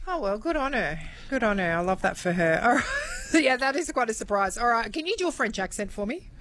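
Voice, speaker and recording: A woman, chatting as a radio co-host, lively and opinionated. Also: on the high side, a little fast, a little hiss or hum. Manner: lively, opinionated, laughs easily. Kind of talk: casual chat.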